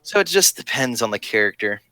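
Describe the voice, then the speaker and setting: Bright-voiced young man chatting casually. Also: medium pitch, sing-song, no echo. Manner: rambling, jokey, tosses in quick silly voices. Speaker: LARP podcast co-host. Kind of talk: casual chat.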